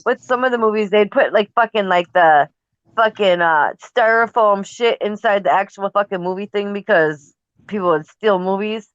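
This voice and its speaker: A man's voice: high voice, fairly bright tone, clean tone, no echo. A man chatting loosely, with constant swearing, rambling and restarting his sentences. The sound is dry and close. The stream audio is muffled. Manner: profane, rambling, halting. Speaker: live stream participant. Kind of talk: casual chat.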